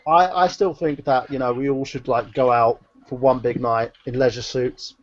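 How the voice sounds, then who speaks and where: A man's voice: mid-range voice, steady tone, normal speed, highs cut off. A man in a casual group chat, teasing the others with jokes. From London. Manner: joking, teasing banter. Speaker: guest.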